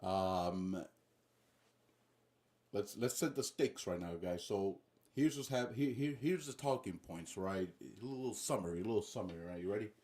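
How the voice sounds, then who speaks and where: A man's voice: lowish voice, animated, moderate pace, a little mellow. A man ranting casually on a livestream as political commentator, profane and rambling, constantly saying guys and bro.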